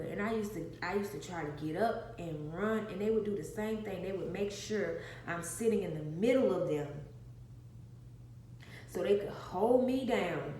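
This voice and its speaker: A woman's voice: lowish voice, normal speed, dark tone. A woman earnestly telling a personal testimony to viewers, often repeating phrases for emphasis. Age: adult with an infant. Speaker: vlogger sharing a personal testimony. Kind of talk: emotional personal storytelling. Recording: echoey room with faint noise.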